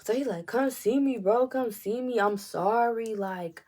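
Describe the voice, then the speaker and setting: A young woman, telling a story in a casual vlog, animated and swearing often as she acts out the quotes. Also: a little high, unhurried. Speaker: storytime vlogger.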